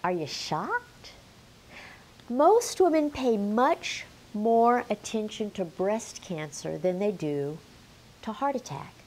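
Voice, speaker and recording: A middle-aged woman gives a health lesson to camera, leaning hard on key words as she quizzes her viewers. She talks slowly, and her pitch swings widely up and down. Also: sing-song, darkish tone. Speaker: menopause health educator.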